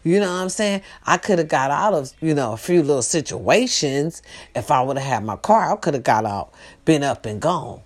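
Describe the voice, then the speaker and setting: Animated woman chatting to her viewers. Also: low voice, normal speed. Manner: animated, swings between loud outbursts and hushed asides; tag questions, talks straight to her viewers. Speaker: host. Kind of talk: casual monologue to a live audience.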